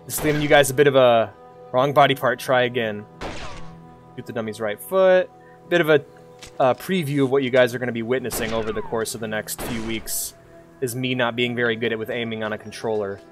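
A man's voice: mid-range voice, fairly quick, soft background music. A man streaming a video game, chatting casually, joking and laughing at himself often. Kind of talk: casual gameplay commentary.

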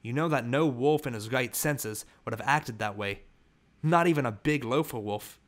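A man's voice: mid-range voice, moderate pace, lightly acted. A man voicing a grieving frontier mother. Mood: grave. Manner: quiet, steady, sorrowful. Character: grieving frontier mother, firm but gentle.

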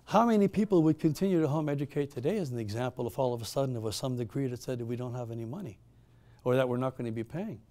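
This middle-aged man, the town hall's host and moderator, talks fast in a dark, medium-pitched voice. He recounts a story to the live crowd, firing off emphatic rhetorical questions and restarting sentences often.

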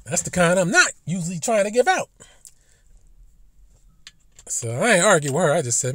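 A man's voice: high-pitched, very animated, moderate pace, pauses often, bright, forceful tone, a little hiss or hum. A man telling stories in a casual, rambling monologue, blunt and profane, often stumbling over and repeating his words as a commentary host.

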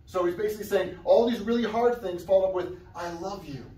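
A man's voice: high-pitched, quick pace. Man preaching casually in an echoey church. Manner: casual, conversational preaching with sudden loud outbursts. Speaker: guest preacher. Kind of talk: sermon. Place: church sanctuary. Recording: echoey church room, somewhat far from the mic.

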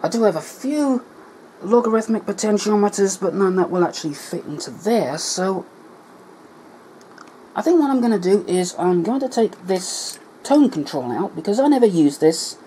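A man's voice: high voice, animated, normal speed, dark tone, a little hiss or hum, low-quality recording. A man explaining an electronics repair at his workbench in a casual tutorial, thinking aloud and correcting himself as he goes. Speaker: electronics hobbyist.

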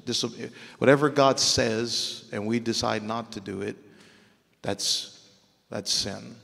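The long reverb of a church sanctuary carries this pastor's low, husky, creaky voice, which is a bit bright and steady in tone at a slow pace. A man from Louisiana, he preaches earnestly in polished, proper diction, often repeating words as he develops each point.

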